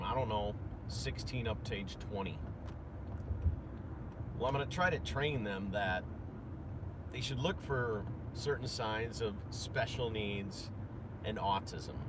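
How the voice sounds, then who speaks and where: A man talking casually in a rambling vlog, with frequent restarts and fillers, outdoors near traffic. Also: fairly low pitch. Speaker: parent vlogger.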